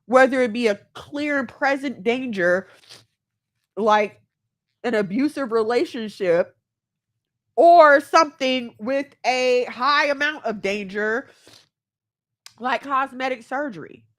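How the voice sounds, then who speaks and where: A woman's voice: sits high, slow, pauses often. A woman giving heartfelt self-help advice as a mother, speaking earnestly and acting out the voices she quotes. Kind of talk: candid self-help monologue.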